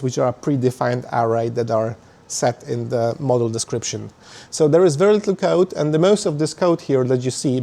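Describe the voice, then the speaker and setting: A conference speaker at a meetup venue talks through a technical topic in a warm, mid-range voice. His delivery is explanatory, interrupted often by fillers and restarts.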